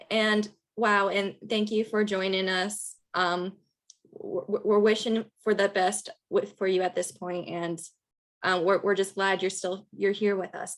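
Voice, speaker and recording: A woman's voice: mid-range voice, steady tone, a little slow. Upbeat woman hosting a video call. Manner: upbeat, filler-heavy, encouraging. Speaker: event host and organizer. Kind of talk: hosting a virtual rally call.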